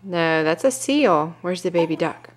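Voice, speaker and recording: A young woman reading a picture book aloud to her toddler at home, gently asking questions and coaxing with little animal noises. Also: lowish voice, lively intonation, unhurried.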